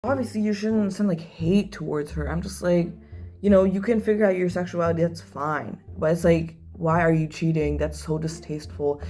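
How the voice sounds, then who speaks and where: A young woman chatting casually while doing her makeup, animated and gossipy, with lots of "like" and sudden loud bursts. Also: lowish voice, moderate pace. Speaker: video creator.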